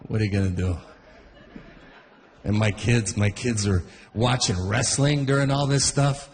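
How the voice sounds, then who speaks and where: A man's voice: lowish voice, steady tone, measured pace, big-room sound, crowd noise. A man in his forties doing a rambling stand-up routine, often breaking off his own sentences. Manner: rambling, self-interrupting, chuckles between bits. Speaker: stand-up comedian.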